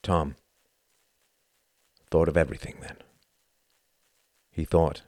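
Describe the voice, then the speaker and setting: Slow, deep-voiced male storyteller. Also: lively intonation, no room sound. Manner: measured, dramatic storytelling. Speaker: audiobook narrator. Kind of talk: scripted narration.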